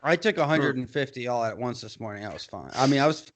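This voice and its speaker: A man's voice: medium pitch, animated, fast. A young man co-hosting a podcast in casual chat, rambling, swearing often and laughing through his own stories. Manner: rambling, profane, laughs often, loud impressions. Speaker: podcast co-host.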